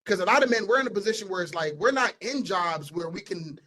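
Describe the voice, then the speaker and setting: A young man co-hosting a casual podcast, talking in an animated, emphatic way and repeating points for stress. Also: sits high, fast, poor audio. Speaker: podcast co-host. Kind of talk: casual opinionated chat.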